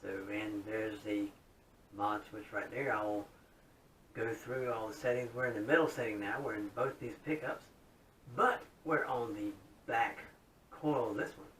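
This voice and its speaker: Here a guitar hobbyist talks casually about the mods on his guitar, speaking at a normal speed with a slightly bright voice. The delivery is folksy, friendly and upbeat. Audio comes from a distant mic, roomy, with some faint rumble underneath.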